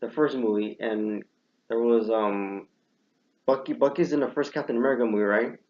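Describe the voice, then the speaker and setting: A young man hosting a casual chat, telling stories with lively bursts as he acts out his own reactions. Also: medium pitch, moderate pace. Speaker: podcast host. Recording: muffled lo-fi recording.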